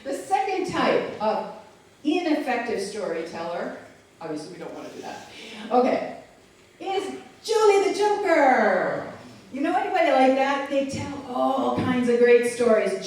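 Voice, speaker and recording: A woman's voice: a little high, normal speed, a little hiss or hum. A woman giving a live keynote speech to an audience, playful and chatty, often asking the room questions. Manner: animated, playful, chats with the audience. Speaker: keynote speaker. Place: large hall with an audience. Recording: echoey hall, mic far off.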